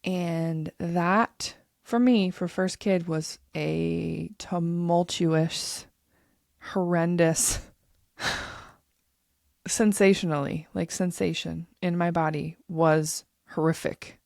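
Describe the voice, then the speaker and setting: A woman's voice: fairly low pitch, fairly even intonation, extremely slow, creaky, darkish tone, dry recording, studio quality. A woman in her thirties hosting a podcast, telling a personal story in a candid, emotional way and swearing freely. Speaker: podcast host.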